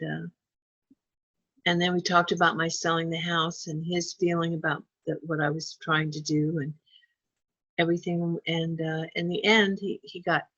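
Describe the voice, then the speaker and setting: A woman's voice: low voice, dry recording. Woman chatting, telling a story, quotes people with little voices, dry dull audio. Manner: chatty, animated when quoting people. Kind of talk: casual storytelling chat.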